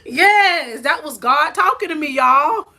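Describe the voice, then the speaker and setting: A woman with a bright, sharp voice preaches encouragement on a live stream from a phone. She is animated and fervent, and she speaks at a fairly high pitch. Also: slow pace. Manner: preachy and animated, laughs and rises to near shouting. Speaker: life coach. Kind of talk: motivational faith talk on a live stream.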